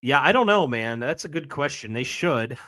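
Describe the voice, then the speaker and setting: A man hosting a live reaction stream, excited and rambling, apologizing as he juggles things. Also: mid-range voice, moderate pace. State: recovering from a week of sickness, coughing.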